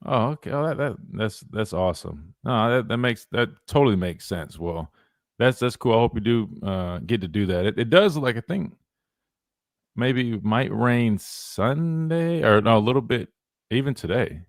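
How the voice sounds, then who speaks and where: A young male sports radio host chatting loosely on air, his pitch swinging widely as he rambles and doubles back on himself. The sound is close and dry, with no room around it. He talks at an ordinary middle pitch. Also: moderate pace, no room sound. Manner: rambling, animated, lots of restarts and "wait, hold on". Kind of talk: casual talk radio chat.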